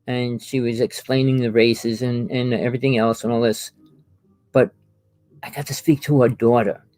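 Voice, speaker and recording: A man hosting a casual talk about experiences, telling long rambling stories in an animated way. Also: medium pitch, no echo. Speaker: host.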